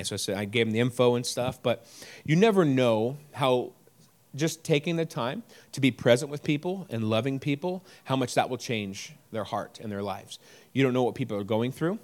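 A man preaching a sermon in a conversational way, telling a personal story with animated stretches and frequent restarts. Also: medium pitch, moderate pace. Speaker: pastor. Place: church service.

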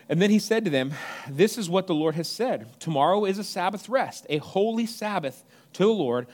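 A man preaching a casual, animated sermon in a church, joking with the congregation and asking them questions. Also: a little high. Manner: animated, jokes with the congregation, asks the audience questions. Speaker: pastor.

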